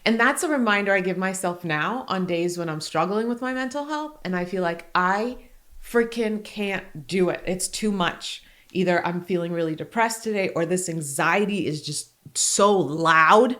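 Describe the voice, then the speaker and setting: A woman's voice: fairly low pitch, fairly bright tone. Earnest woman in her forties, podcast host. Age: 40s. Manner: earnest and open, quick laughs between heartfelt points. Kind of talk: candid podcast conversation.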